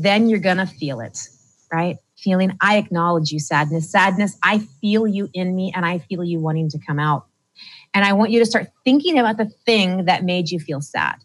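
A woman coaching listeners step by step through feeling and releasing emotions, speaking calmly and directly to them. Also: medium pitch, no room sound, low-quality recording. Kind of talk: guided emotional-release talk.

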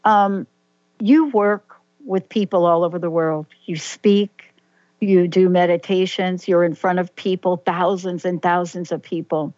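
A woman's voice: lowish voice, fairly even intonation, a little slow, darkish tone, no room sound, muffled recording. A woman hosting an interview, telling stories and asking open questions. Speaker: host. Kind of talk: interview conversation.

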